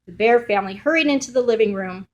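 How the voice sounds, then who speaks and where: A woman reading a children's picture book aloud as a storyteller. Her telling is expressive and playful, suited to young listeners. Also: a little high, fast, lo-fi sound.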